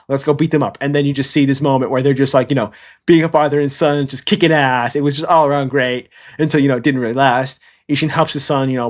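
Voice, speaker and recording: A man in casual, rambling commentary, blunt and profane, who keeps checking in with "okay?". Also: a little high. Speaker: anime commentator. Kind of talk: casual tier-list commentary.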